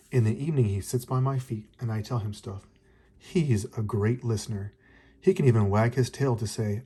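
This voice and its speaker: A man gently reading a picture book aloud to a child, in an unhurried, expressive way. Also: on the low side, husky. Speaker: storybook reader.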